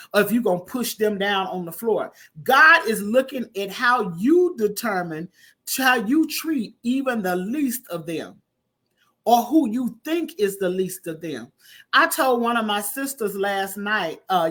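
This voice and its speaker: A woman preaching a conversational sermon, calling listeners honey and baby and breaking into loud emphatic bursts. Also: on the high side. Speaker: prophetess preaching online.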